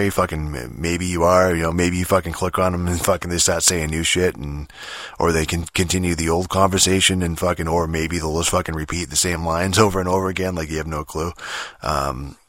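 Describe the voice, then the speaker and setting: A man's voice: low-pitched, a bit bright, dry recording, clean studio sound. A man rambling in a casual, profane rant about video games, full of filler words, restarts and exasperated mockery. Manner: exasperated, mocking. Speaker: gamer talking about games.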